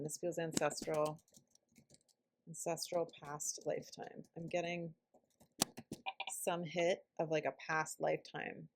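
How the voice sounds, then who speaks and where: A woman with a low, gravelly voice leads a tapping session. She talks slowly and reflectively, letting some phrases fall to a whisper. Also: background noise. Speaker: EFT tapping practitioner. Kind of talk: guided self-help session.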